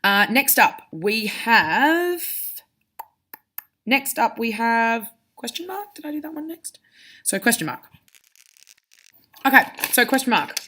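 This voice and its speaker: A woman's voice: on the high side, sing-song, takes it slowly, long pauses, pushed and bright. A woman teacher explaining to pupils how to read punctuation and character voices aloud, demonstrating as she goes. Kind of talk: reading lesson for pupils.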